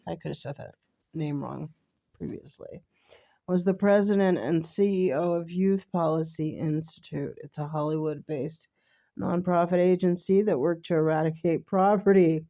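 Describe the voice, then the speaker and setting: A woman's voice: sits low, steady tone, moderate pace, warm tone. A groggy woman vlogger talking bluntly to her viewers and reading a news item aloud. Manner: blunt, frank, speaks straight to the viewer.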